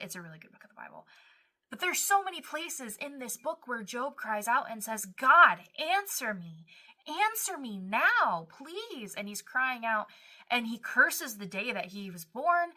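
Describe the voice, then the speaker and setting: An earnest woman delivers a devotional Bible teaching, acting out short prayers and verses as she goes. Her voice is bright and forceful, with a middle pitch.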